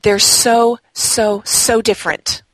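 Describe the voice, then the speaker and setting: A woman co-hosting a gaming podcast in casual chat, talking in a lively, chatty way. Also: a little high, takes it slowly, no room sound, poor audio. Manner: chatty, laughs easily. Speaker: podcast co-host; game blog writer. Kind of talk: casual chat about games.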